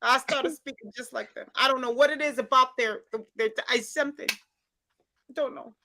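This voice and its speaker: A woman hosting a casual chat, a loud and animated storyteller. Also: high-pitched, normal speed, noisy background. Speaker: host.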